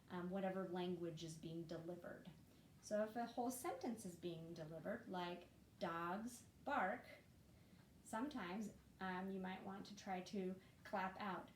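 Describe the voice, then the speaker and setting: A woman's voice: medium pitch, darkish tone. A woman giving a reading lesson to parents, explaining patiently and demonstrating sounds. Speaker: reading teacher. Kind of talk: instructional video lesson. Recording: echoey room with faint noise.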